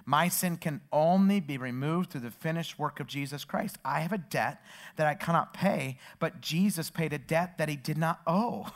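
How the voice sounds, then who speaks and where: A man's voice: on the high side, moderate pace. A man, a pastor, preaching a sermon with stories and rising emphatic passages. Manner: storytelling, building to loud emphatic preaching.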